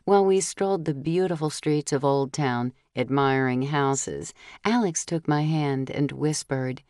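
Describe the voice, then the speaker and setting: Low-voiced woman narrating a story. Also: measured pace, no echo, clean studio sound. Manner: steady, clear storytelling with voiced dialogue. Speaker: audiobook narrator. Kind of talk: first-person audiobook narration.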